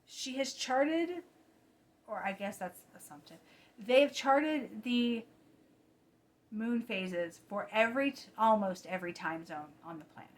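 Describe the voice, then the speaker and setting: A woman talks about her cross-stitch projects in a relaxed, chatty way. She sounds tired late at night, often catching and correcting herself, and drops into soft asides now and then. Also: on the high side, a little slow. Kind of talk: casual chat. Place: home at night.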